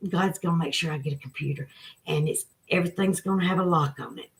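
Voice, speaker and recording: Southern woman, forties-plus, livestream host, folksy and tender, a bit low-pitched, into a phone. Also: fairly quick, gravelly. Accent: Southern American. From Southern United States. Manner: folksy, emotional, talks to viewers by name. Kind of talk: casual livestream chat.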